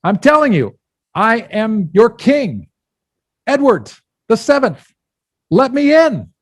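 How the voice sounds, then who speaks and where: A man's voice: a little high, a little fast, a little mellow, no echo, clean studio sound, pitched above the performer's own voice, lightly acted. A man voicing an indignant king who demands to be let in, in a told story. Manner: commanding, insistent.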